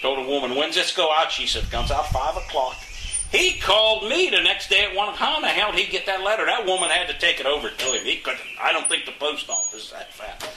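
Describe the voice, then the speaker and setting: Older guy ranting folksy about his neighborhood, bright sharp voice, echoey room w/ faint hum. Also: on the high side, lively intonation, fairly quick, recorded from a distance. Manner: folksy, indignant, repeats words and restarts. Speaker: interviewee, local resident. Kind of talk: casual storytelling interview.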